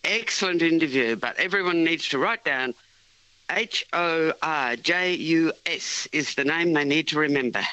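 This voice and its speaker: A woman calling in to talkback radio, brisk and emphatic. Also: low-pitched, a bit bright, clean tone, dry recording, dull audio. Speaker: caller.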